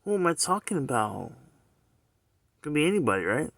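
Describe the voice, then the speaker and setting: A man's voice: on the high side, very animated, normal speed, creaky, a bit bright, dry recording. A man talking straight to the camera in a loose, rambling monologue, circling back again and again with rhetorical questions and "you know what I'm saying.".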